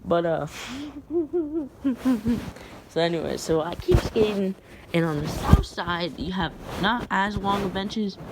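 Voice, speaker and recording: A woman's voice: medium pitch, expressive, slow, pauses often, heavy background noise. A woman telling a casual storytime vlog, rambling with lots of fillers and slang.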